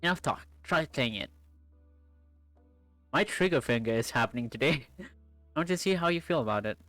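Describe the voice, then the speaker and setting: A woman's voice: extremely low pitch, animated, normal speed, fairly bright tone, no echo, faint music behind. A streamer voicing a shy, nerdy young woman in a visual novel, talking awkwardly and trailing off. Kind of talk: visual novel read-aloud.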